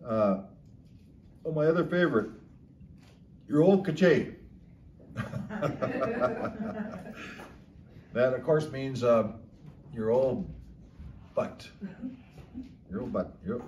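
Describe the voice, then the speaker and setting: A man's voice: mid-range voice, lively intonation, a little mellow, slight background noise. A man casually explaining local slang words, chuckling often as he talks. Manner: slow, chuckling, drawn-out storytelling. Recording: echoey room, slightly distant mic.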